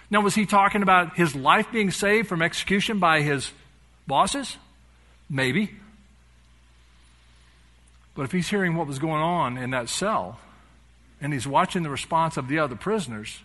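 A man's voice: fairly high pitch, moderate pace, pushed and bright. A male pastor preaching a sermon, animatedly retelling a story and acting out its dialogue.

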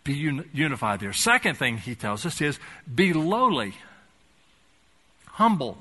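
Folksy pastor, bright voice. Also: male voice, a little high, big pitch swings, measured pace. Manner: conversational preaching with folksy humor, rising to fervent emphasis. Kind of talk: sermon.

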